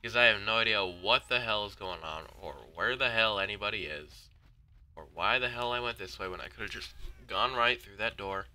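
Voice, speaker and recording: Excitable teen gamer, very bright voice. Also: male voice, lowish voice, a little fast, a little hiss or hum. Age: teens. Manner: excitable, yelps and swears at the game; jokey, mock-dramatic asides. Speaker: gaming YouTuber. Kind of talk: live gameplay commentary.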